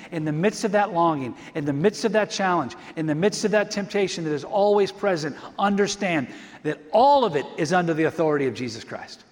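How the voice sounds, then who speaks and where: Pastor, male, high voice, emphatic sermon delivery with hushed drops, long reverb. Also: expressive, fairly quick. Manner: emphatic preaching, drops to a hush for effect.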